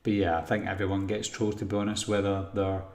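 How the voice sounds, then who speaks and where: Male host, lowish voice, rambling live chat reads, roomy echo. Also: fairly quick. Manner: relaxed, rambling, frequent ums and throat clearing. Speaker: horror channel host answering live chat. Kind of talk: casual live stream Q&A.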